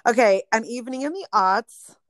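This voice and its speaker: A woman's voice: on the high side, animated, normal speed, no echo. A middle-aged woman chatting casually as a podcast co-host, often trailing off and restarting. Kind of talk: casual chat recommending podcasts.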